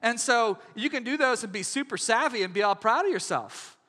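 Man preaching, animated, lots of pitch swings, bright and clear, big hall echo. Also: fairly quick. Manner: animated, conversational, asks audience questions. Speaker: pastor. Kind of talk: sermon.

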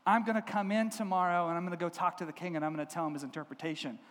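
A man's voice: high voice, fairly even intonation, racing, a bit bright. A man voicing a bold, casual young man who speaks breezily, with a long hall reverb. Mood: breezy.

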